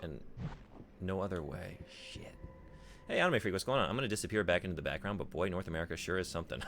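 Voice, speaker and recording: Deep gravelly man chatting while gaming. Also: lively intonation, quick pace, a bit bright, a little hiss or hum. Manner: rambling, frequent swearing, thinks aloud. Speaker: streamer. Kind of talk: casual chat while playing a game.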